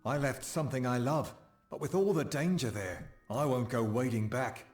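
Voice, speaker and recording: An actor playing a friendly, talkative old dark elf merchant in a video game, with a bright, happy-sounding voice and a habit of letting secrets slip. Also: male voice, mid-range voice, normal speed, natural voice. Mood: wistful. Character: cheerful old dark elf merchant, chatty and loose-lipped.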